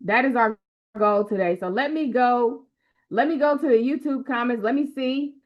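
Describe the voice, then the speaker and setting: A woman's voice: on the high side, moderate pace. A woman, a motivational coach hosting a live book launch, talking to viewers with emotional, repeated calls to action. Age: 30s. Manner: emotional, repetitive exhortations to the audience. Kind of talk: live-stream talk to viewers. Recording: lo-fi stream audio.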